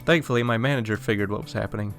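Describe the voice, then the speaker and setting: A man's voice: lowish voice, racing, a bit bright, soft background music. A young man narrating an online story aloud in a casual, exasperated way. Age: young adult.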